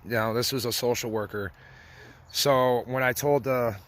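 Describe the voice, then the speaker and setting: A man's voice: mid-range voice, fairly even intonation, unhurried, a bit bright. A young adult man, a father, giving a blunt, emotional personal testimony that turns tearful at times. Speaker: father telling family story.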